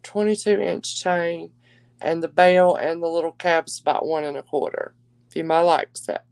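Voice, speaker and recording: A woman's voice: deep voice, fairly even intonation, moderate pace, smooth, dry recording. A woman hosting a live-stream jewelry auction, chatting with viewers and calling them darling. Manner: chatty, warm endearments to viewers.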